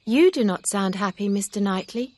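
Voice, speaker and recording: A woman voicing an earnest young gentlewoman in an audiobook reading, speaking quietly and with self-reproach. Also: mid-range voice, lively intonation, moderate pace, dry recording, voice pushed up, lightly acted.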